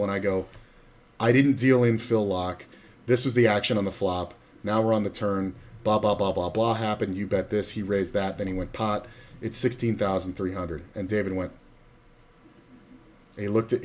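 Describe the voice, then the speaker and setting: A middle-aged man telling stories on a casual stream, with a somewhat low voice. He rambles a little, swears freely and acts out what other people said. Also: a little mellow. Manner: profane, rambling anecdotes with acted-out quotes. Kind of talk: casual storytelling on a poker stream.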